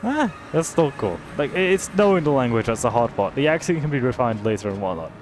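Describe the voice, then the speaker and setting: A young British man commenting casually on a game he is playing, swearing and reacting loudly to what happens on screen. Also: mid-range voice, very animated, brisk, soft background music. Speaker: streamer.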